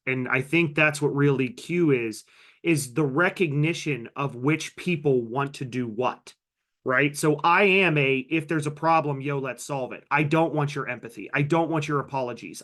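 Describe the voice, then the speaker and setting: A man's voice: a little high, moderate pace, fairly bright tone. Upbeat man leading an online training. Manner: upbeat, reads participant names from chat; conversational with personal anecdotes. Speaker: workshop trainer. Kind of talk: live online training session.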